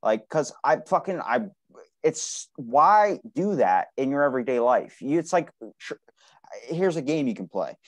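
A man's voice: mid-range voice, sing-song, a little slow. Podcast host guy, blunt, swears a lot, punches his points. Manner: blunt, swears freely, emphatic. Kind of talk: casual conversation.

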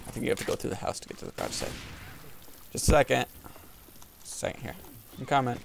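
A gaming video host rambles and jokes through a let's play, talking to the game's characters. His medium-pitched voice is gravelly and sing-song, moving at a quick pace with long pauses. Gunfire and ambience from the game play over his voice, with a faint hiss or hum.

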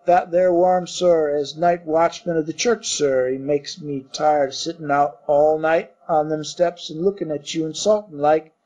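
A man doing a rough Cockney bellboy. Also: fairly high pitch, fairly even intonation, a little slow, hardly any pauses, warm tone. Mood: gossipy. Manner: rough dropped-grammar working-class speech. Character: coarse young male Cockney bellboy, blunt and rattled. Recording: dull muffled recording.

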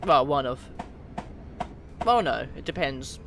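A man from the UK chatting casually with his viewers during a live game stream, reading out their names and getting excited now and then. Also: mid-range voice, slow pace, vocal fry, slight background noise. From United Kingdom. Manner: chatty, reads out chat names, bursts of excitement. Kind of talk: casual gaming livestream chat.

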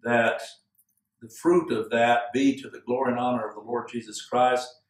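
A male pastor giving an earnest, measured sermon with slow, emphatic phrases. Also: mid-range voice, fairly even intonation. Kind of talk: expository sermon. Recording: echoey room, from far off.

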